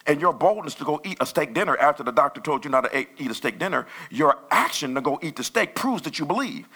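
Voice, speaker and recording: A man preaching a sermon as pastor, talking in a loose, conversational way with sudden loud bursts. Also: fairly high pitch, big pitch swings, fast talker.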